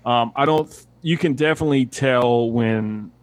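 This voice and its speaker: A man's voice: mid-range voice, a little slow. Man talking casually with many fillers. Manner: rambling, hesitant, many fillers. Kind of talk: casual movie discussion.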